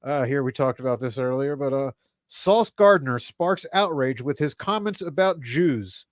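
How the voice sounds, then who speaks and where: A middle-aged man from the Philadelphia area co-hosting a comedy podcast, reading news jokes in a deadpan way. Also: mid-range voice, normal speed, no room sound, studio quality. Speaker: podcast co-host. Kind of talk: casual comedy podcast chat.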